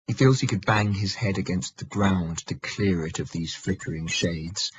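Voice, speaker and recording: Deep husky male audiobook narrator. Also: normal speed, muffled recording. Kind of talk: scripted narration.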